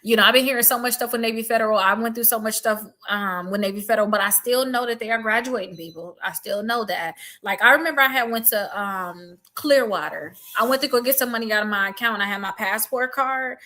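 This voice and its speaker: Bright, blunt woman giving credit advice. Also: a little high, quick pace, hardly any pauses. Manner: blunt, emphatic, addresses the audience as y'all. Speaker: credit repair advisor. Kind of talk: casual advice talk to viewers.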